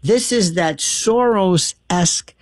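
A man hosting a talk radio show, telling stories in an animated way and acting out the dialogue of the people he quotes. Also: sits high, slow, dry recording, studio quality.

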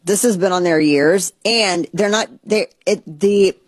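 A woman's voice: on the low side, unhurried, slightly rough, no echo. Rambling chatty woman host, dry sound. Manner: chatty, rambling, animated asides. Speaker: show host. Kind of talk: casual opinion talk.

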